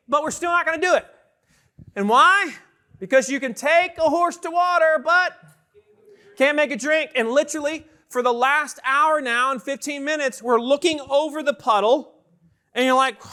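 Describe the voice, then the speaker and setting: A man giving an energetic conference keynote, often asking the audience questions. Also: very high voice. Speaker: keynote speaker. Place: large conference hall with an audience.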